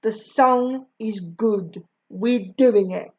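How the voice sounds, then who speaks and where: A woman voicing a bold, defiant schoolgirl who talks flatly and firmly, on a slightly dull recording. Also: mid-range voice, drawn-out words.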